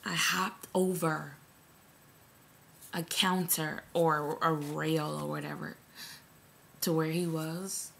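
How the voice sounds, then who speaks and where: A woman from New York, hoarse from screaming, telling a long story in an animated, indignant, swearing rant with a New York accent. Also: sits low, slow pace, long pauses, a little hiss or hum.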